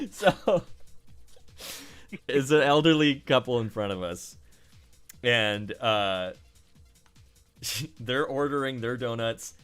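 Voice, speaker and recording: A man streaming a game and telling a story in a casual, animated way, often breaking into laughter. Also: medium pitch. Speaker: streamer playing games. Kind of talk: casual chat while gaming.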